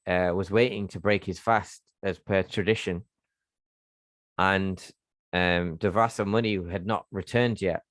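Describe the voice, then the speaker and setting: A man leading a scripture reading class, retelling a sacred story in a halting way with many fillers and restarts. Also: low-pitched, a bit bright, dry recording.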